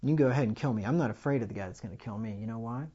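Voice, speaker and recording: A man preaching a sermon with animated delivery, rising loud on key points and asking the congregation rhetorical questions. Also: mid-range voice, racing, breathy edge, dull audio.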